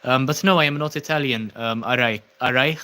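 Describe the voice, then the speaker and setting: This livestream host, a young man from Malta, casually reads viewer comments and thanks those watching, hesitating with many ums and uhs. He sounds a little high and talks fairly quickly.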